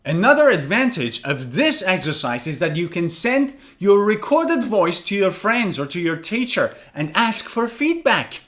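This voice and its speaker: A man teaching English pronunciation in an online lesson, explaining clearly and sounding out words slowly to demonstrate. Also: high-pitched, big pitch swings, a bit bright.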